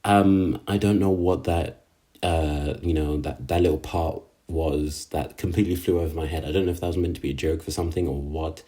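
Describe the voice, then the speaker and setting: A man reviewing anime talks briskly and casually through an episode in a low, warm, mellow voice, using slang, stumbling over fillers and sounding openly exasperated with the characters. The episode recap and rant comes across as a relaxed solo reaction recording.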